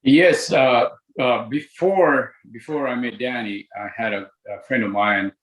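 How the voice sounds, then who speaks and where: A man's voice: mid-range voice, unhurried. An older man from Ethiopia, a boxing coach, answering interview questions earnestly and repeating words for emphasis. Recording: roomy echo.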